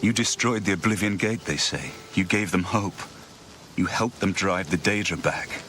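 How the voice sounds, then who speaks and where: A gritty, trembling game priest. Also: male voice, low voice, normal speed, fairly bright tone, a little hiss or hum. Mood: resolved. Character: weary young male priest, doubting, grave. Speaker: game character. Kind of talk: video game voice acting.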